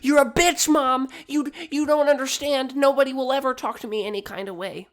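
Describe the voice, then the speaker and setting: A man's voice: very high voice, fairly even intonation, fairly quick, a bit bright, voice pushed up. A man voicing a bratty, defiant teenager talking back to his mother in a whiny, indignant way. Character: bratty defiant teen mouthing off to mom.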